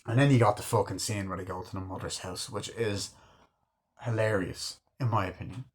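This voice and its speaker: A man's voice: lowish voice, steady tone, a little fast, slightly rough. A man casually reviewing a film he loves, rambling enthusiastically with lots of swearing. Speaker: movie reviewer.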